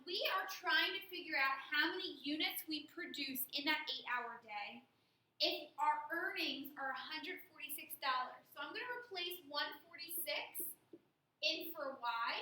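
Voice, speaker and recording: A woman walks through a math lesson step by step, patient and methodical. Her voice sits high and sounds very bright. The room around her gives an echoey ring. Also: slight background noise. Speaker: math teacher. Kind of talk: recorded classroom lesson.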